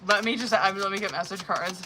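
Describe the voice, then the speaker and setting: A woman's voice: mid-range voice, steady tone, fairly quick, background noise. A woman giving tarot readings on a live stream in casual, profane, chatty talk that is full of laughs. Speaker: tarot reader.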